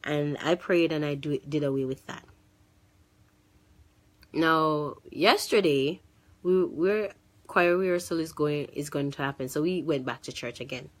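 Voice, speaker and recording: A woman telling a casual personal testimony about her church life, animated, with many restarts and fillers. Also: sits low, unhurried. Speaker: church choir member sharing a testimony.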